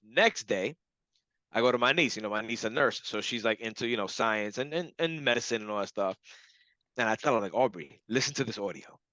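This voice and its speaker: A young adult man, a client of a hypnotherapist, telling a casual story with animated laughter and acted-out quotes. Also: medium pitch, a little fast, no room sound, highs cut off.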